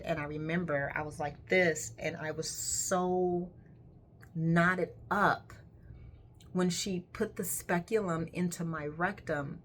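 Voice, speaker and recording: A woman's voice: low-pitched, a little hiss or hum. A woman who works as a colon hydrotherapist, telling a personal story in a candid, emphatic way and swearing casually.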